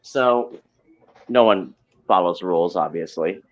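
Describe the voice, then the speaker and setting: A man telling a casual story in an animated way, acting out quotes and growling noises. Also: low voice, slow pace. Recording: dull lo-fi sound.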